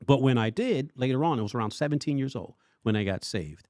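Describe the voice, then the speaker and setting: A man co-hosting a church podcast, telling his own story in animated casual chat and acting out his past lines. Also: medium pitch, quick pace, no room sound, studio quality. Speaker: worship pastor and podcast co-host.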